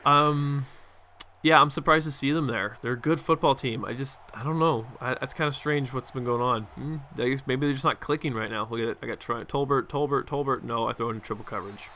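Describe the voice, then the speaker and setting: A young man chats his way through a football video game in a bright, forward voice. He rambles, restarts his sentences and drops fillers as he goes. A faint hiss sits under the recording. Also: mid-range voice, brisk. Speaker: gaming commentator. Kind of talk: casual gameplay commentary.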